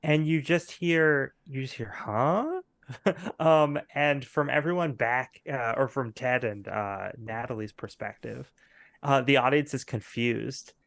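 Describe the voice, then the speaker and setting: A man runs a tabletop game as game master, rambling through the scene with plenty of ums and uhs. His voice is gravelly and unhurried, and it is recorded dry with no room echo. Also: mid-range voice, fairly bright tone. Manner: rambling, hesitant with many fillers.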